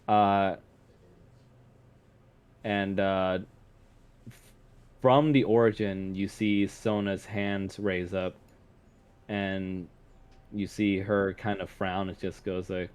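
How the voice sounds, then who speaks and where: Low-voiced man narrating a tabletop game. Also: level tone, a little mellow, smooth. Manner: halting narration with frequent uh fillers. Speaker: game master.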